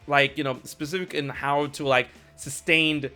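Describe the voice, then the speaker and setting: A man hosts a casual live stream, rambling through his points with lots of restarts and swearing. His voice is bright and a little high, and faint music plays under him. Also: steady tone, normal speed. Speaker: show host. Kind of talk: casual chat. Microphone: streaming mic.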